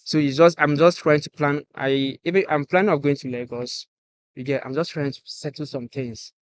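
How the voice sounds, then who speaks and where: A man's voice: a little high, fairly even intonation, moderate pace, dry recording. A Nigerian man talking as the guest musician on a casual podcast, earnest and saying "you get" again and again.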